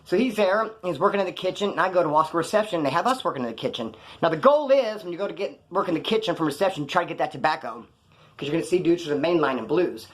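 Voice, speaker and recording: Fast-talking man telling rambling prison stories. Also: on the high side. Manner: rambling, slangy, animated retelling with quoted dialogue. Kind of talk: casual storytelling to camera.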